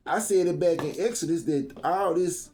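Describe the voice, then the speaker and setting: A man's voice: on the high side, normal speed, a little mellow, slight background noise. A man reading scripture aloud and breaking off into joking, conversational commentary between verses. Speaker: Bible reading host.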